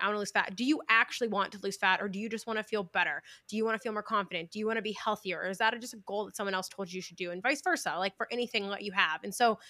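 Intense young woman podcast host, forceful bright delivery, emphatic casual chat over a video call. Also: medium pitch, no echo, clean studio sound. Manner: intense, emphatic, talks like she is yelling.

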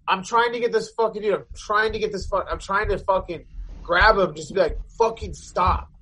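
A man's voice: sits high, brisk, sharp tone, breathy edge, poor audio. A man in a band telling a long, rambling story in casual chat, swearing constantly and packing his talk with fillers.

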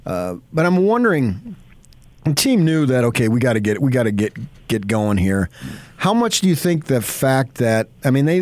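A man's voice: medium pitch, a little mellow, no echo. A man hosting a sports radio show, rambling and enthusiastic as he tells stories. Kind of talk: casual radio chat.

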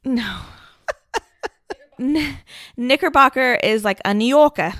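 A woman's voice: high-pitched, expressive, slow, a bit bright, dry recording, clean studio sound. A woman in her thirties hosting a podcast, telling a story in a chatty way and laughing often. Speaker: podcast host. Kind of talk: casual storytelling chat.

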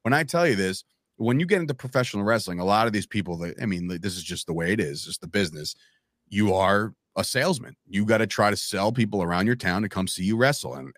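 Guy on a podcast telling wrestling-school stories, kinda low voice, says bro a lot, dry close sound. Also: no echo. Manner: animated, acts out quoted lines, says "bro" and "man". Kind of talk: casual storytelling chat.

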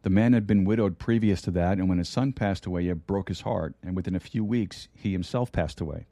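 A middle-aged man preaching a sermon and telling a story, slowing down to stress key words. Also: sits low, dark tone, dry recording.

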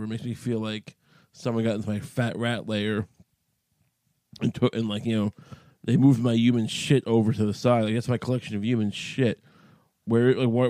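A man's voice: medium pitch, mellow, dry recording. A man hosting a solo podcast, talking in a crude, profane, rambling comic way, his voice a little cracky from the morning, recording in a small closet. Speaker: podcast host.

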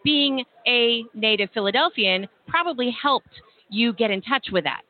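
A woman's voice: on the high side, expressive, normal speed. A woman co-hosting a radio talk segment in a chatty, teasing way. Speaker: radio co-host. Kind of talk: casual chat. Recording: tinny phone-like line.

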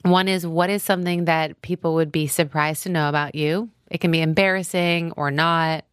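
Low-voiced woman hosting a chatty podcast. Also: fairly even intonation, moderate pace, clean tone, dry recording, clean studio sound. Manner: chatty, laughs often. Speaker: podcast host. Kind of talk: casual podcast interview.

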